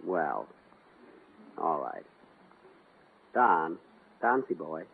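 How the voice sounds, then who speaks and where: A man's voice: a little high, huge pitch swings, normal speed, breathy edge. A man hosting a 1940s radio comedy, playing it exasperated and indignant. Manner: exasperated, indignant comic timing. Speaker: comedy show host. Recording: tinny old radio broadcast.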